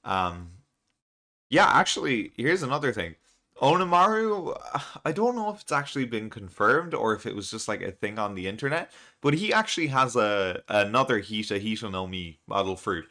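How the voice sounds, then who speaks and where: A man's voice: on the low side, sing-song, moderate pace, pushed and bright. A man casually recapping a comic chapter, rambling with lots of fillers and frequent chuckles. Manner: chuckles often, loose and rambling with many fillers. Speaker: manga reaction channel host.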